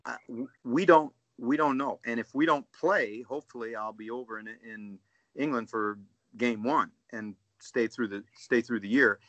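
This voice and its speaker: A man, a guest coach on a casual podcast call, telling animated stories and often asking "right?". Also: mid-range voice, normal speed, no echo, lo-fi sound. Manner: storytelling, animated, says "dude" and "right?".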